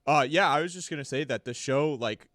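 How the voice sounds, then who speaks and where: A man's voice: on the high side, fairly quick, fairly bright tone, no echo, clean studio sound. Easygoing male podcast co-host. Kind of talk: casual podcast chat.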